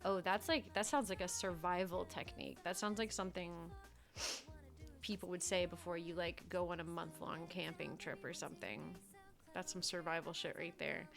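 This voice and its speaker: A young woman livestreamer in casual chat, telling stories in a chatty, animated way and swearing freely. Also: fairly low pitch, normal speed, vocal fry, over music.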